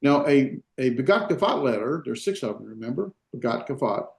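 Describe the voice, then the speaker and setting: A man's voice: mid-range voice, sing-song, vocal fry. Man lecturing in an echoey classroom. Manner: halting, many fillers and restarts, dry asides. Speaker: Hebrew teacher.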